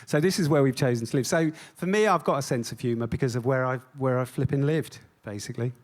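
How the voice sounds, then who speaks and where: A man's voice: medium pitch, quick pace. A man giving a stage talk as an artist. He is self-deprecating and jokey, with many ums. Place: on stage before an audience.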